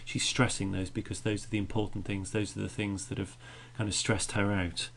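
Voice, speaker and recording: Male teacher, low gravelly voice, patient podcast poetry lesson. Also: level tone, fairly quick, few pauses. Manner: explains patiently, beats out stresses aloud.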